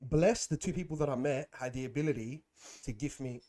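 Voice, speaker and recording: A man's voice: medium pitch, a little fast. Slangy man telling stories. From Australia. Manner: animated storytelling, slangy, says bro and man. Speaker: guest. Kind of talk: casual interview chat.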